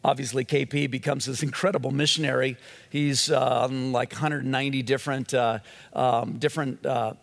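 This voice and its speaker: A man's voice: medium pitch, steady tone, normal speed, creaky, big-room sound. A male pastor giving a sermon in a conversational storytelling way, often restarting his phrases.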